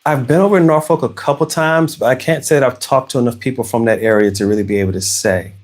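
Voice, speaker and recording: A man's voice: mid-range voice, quick pace. A man from Arkansas with a Southern American accent, casually chatting on a live stream while crafting, rambling with frequent restarts. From Arkansas, USA. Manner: rambling, conversational, with many restarts. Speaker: livestream host. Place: home, crafting.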